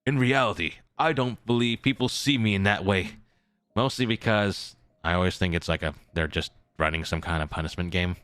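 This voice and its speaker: A man's voice: deep voice, normal speed, a bit bright, smooth. A young man chatting casually to his live-stream viewers as a traveling merchant character, rambling and repeating himself as he corrects his words.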